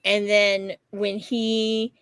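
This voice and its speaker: A woman co-hosting a podcast, telling a story in a lively way, acting out what she and others said, and swearing freely. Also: medium pitch, drawn-out words, clear, resonant tone, no echo. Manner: animated storytelling, acts out quotes, swears freely. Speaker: podcast co-host. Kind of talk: casual chat.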